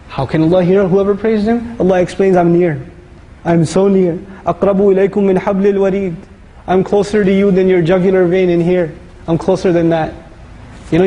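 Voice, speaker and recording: A man giving a lively, conversational sermon-style lecture, reciting Arabic verses and explaining them. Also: high-pitched, long reverb tail, low-quality recording. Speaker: Islamic lecturer.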